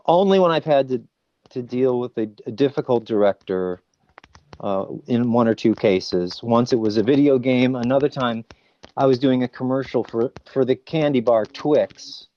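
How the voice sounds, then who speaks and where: A man's voice: mid-range voice, a little slow, dull audio. A man in a casual podcast interview, telling stories with energy and dropping into character voices now and then. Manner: animated storyteller, breaks into character voices. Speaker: voice actor guest.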